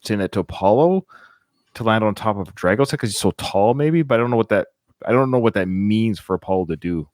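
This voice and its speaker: A man's voice: lowish voice, expressive, a little fast, a little mellow, dry recording, studio quality. A man co-hosting a casual movie podcast, opinionated and chatty, often repeating himself. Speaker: podcast co-host. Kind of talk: casual movie-watch chat.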